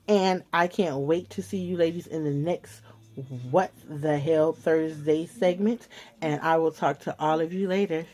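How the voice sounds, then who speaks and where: A woman vlogger, telling a story straight to her viewers in an animated, casual way. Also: on the low side, a little slow.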